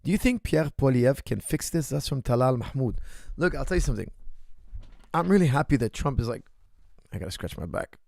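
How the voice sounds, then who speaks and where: A man's voice: medium pitch, animated, a little fast, gravelly, darkish tone, no room sound, studio quality. A middle-aged man, a martial arts coach, answering viewer questions on a livestream in an emphatic way that keeps checking in with "right?" and "okay?".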